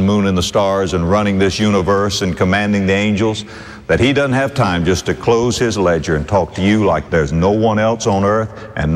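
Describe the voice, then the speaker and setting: An older man preaching a sermon as a pastor. He tells stories dramatically, dropping to soft low asides and rising to loud emphatic lines. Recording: long hall reverb.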